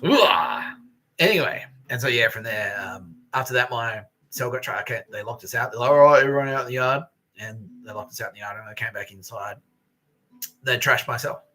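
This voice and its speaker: A man's voice: lowish voice, fairly even intonation, fairly quick, sharp tone, poor audio. A man, hosting a podcast and telling stories in a profane, aggrieved rant. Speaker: podcast host. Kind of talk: casual monologue storytelling.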